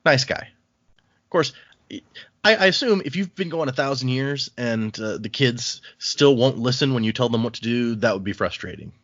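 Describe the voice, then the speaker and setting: A man's voice: mid-range voice, moderate pace, no room sound. A man hosting a casual book podcast, recapping the plot at an easy pace and reading passages aloud. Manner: relaxed, recaps the plot and reads quotes aloud. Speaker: podcast host. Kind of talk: casual book-club chat. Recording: dull, dry home podcast mic.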